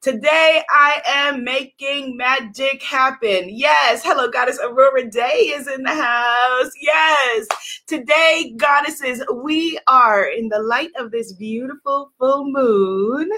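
A woman hosting a spiritual livestream, greeting viewers by name with high energy, then leading slow guided breathing and prayer. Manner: exuberant, greets viewers by name, swings to soft meditative guidance.

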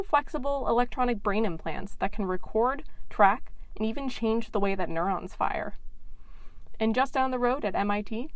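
A woman's voice: mid-range voice, dry recording. Playful young woman hosting a podcast. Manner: playful, self-mocking, excitable. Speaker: podcast host. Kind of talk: upbeat scripted podcast intro.

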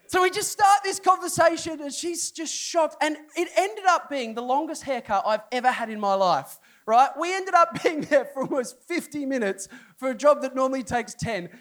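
A middle-aged pastor's very high-pitched voice carries the story at a moderate pace as he entertains a congregation in a church hall. Animated throughout, he acts out everyone in the tale and lets his voice jump for their inner outbursts.

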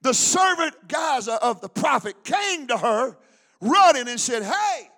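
Very high-voiced fervent male preacher. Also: big pitch swings, a little slow, sharp tone. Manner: fervent, call-and-response preaching. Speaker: pastor. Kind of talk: sermon. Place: church service.

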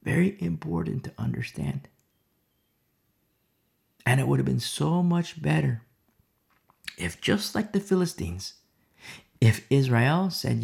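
A man's voice: fairly high pitch, lively intonation, slow, gravelly, long pauses, a little mellow. A man teaching a Bible study in sermon style, emphatic, who repeats rhetorical questions and sometimes drops to a whisper.

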